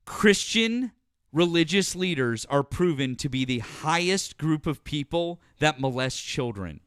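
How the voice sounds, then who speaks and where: Man, show host, sarcastic debater; bright, smooth, high-set voice. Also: lively intonation, measured pace, no echo, studio quality. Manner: mocking, sarcastic, emphatic. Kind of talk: heated live debate.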